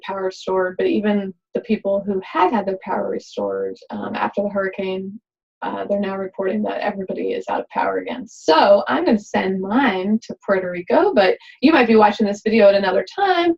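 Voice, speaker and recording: A tired woman leading a laughter exercise vlog, talking in a gentle, chatty way with many ums and uhs. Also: medium pitch, lively intonation, fairly quick, gravelly, breathy edge. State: tired, yawning. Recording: dull lo-fi recording.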